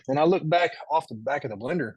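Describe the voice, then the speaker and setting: A man's voice: fairly high pitch, expressive, moderate pace, husky, no room sound. A man guest on a podcast, telling stories casually and animatedly, laughing often and acting out the quotes. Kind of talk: casual storytelling.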